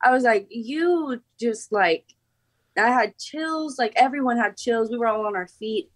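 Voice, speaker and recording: A woman's voice: on the high side, normal speed, no echo. Giggly young woman, filler-heavy chatter. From Oklahoma. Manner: bubbly, giggly, lots of "like" fillers. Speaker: former contestant, guest. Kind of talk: casual interview chat.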